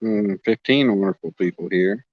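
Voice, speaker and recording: A man's voice: lowish voice, normal speed, no room sound, muffled recording. A man from Oklahoma chatting casually on a fishing livestream outdoors, reading comments and joking with viewers. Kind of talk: casual live-stream chat reading comments. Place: outdoors at a lake bank.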